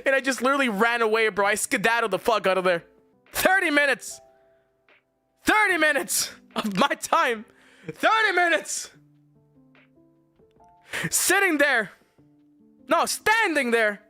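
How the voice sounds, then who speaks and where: A young man, a streamer, telling a story as a casual, exasperated rant full of swearing. He swings between his high voice and deep mock tones. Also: expressive, a little slow, long pauses, pushed and bright, no echo, soft background music.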